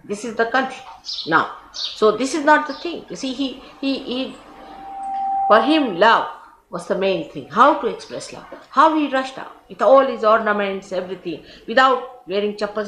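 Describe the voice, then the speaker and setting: A woman's voice: a little high, lively intonation, moderate pace, a bit bright. A woman with an Indian English accent giving an informal spiritual talk, telling stories with chatty asides and laughter. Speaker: spiritual teacher. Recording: roomy archive recording with faint hiss.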